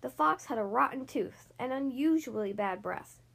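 A woman reading a children's picture book aloud, slowly and expressively. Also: high voice, lively intonation, vocal fry, a bit bright, husky. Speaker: reader.

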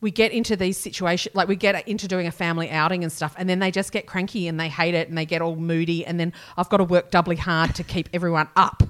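A woman's voice: fairly low pitch, steady tone, fast talker, few pauses, a bit bright. A woman in her forties with an Australian accent, co-hosting a casual chat and telling stories in a rambling, swearing way. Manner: rambling storytelling, swearing, acts out family members. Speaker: podcast co-host.

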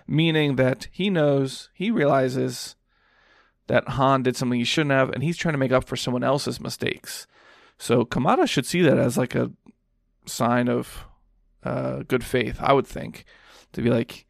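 A man's voice: medium pitch, a little slow, creaky, no echo, clean studio sound. A man hosting a podcast alone, recapping a film scene in a rambling, casual way with lots of fillers. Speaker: podcast host.

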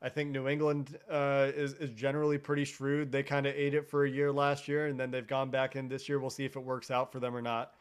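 Man, from Cincinnati, podcast host as guest, casual sports talk, measured, thoughtful. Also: mid-range voice, completely flat delivery, smooth. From Cincinnati, United States. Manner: measured, thoughtful, frequent restarts.

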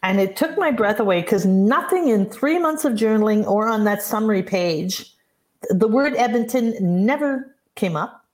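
A woman's voice: medium pitch, animated, moderate pace, a little mellow. A woman in her sixties, a business coach, telling personal stories in an earnest, reflective way as a podcast guest. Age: 60s. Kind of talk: podcast interview, storytelling.

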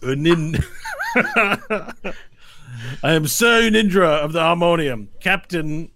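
A man voicing a pompous armored knight captain who barks loud orders from horseback. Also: a little high, slow pace, voice pushed up. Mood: commanding.

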